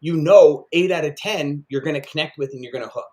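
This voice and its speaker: A man's voice: fairly high pitch, a little fast, a little mellow. A man co-hosting a casual sales podcast, talking with energy and repeating points for emphasis. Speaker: podcast co-host.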